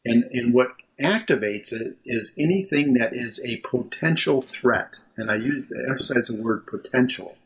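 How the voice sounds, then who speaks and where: A man's voice: mid-range voice, normal speed, few pauses, fairly bright tone, husky. A man working as a mental health counselor, chatting as an interview guest from a room at home, rambling and restarting his sentences. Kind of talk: casual interview conversation.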